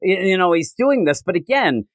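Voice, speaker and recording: Animated man retelling comic scenes. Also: high-pitched, no room sound. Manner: animated retelling with quick put-on character voices. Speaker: podcast co-host. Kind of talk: casual comic book podcast chat.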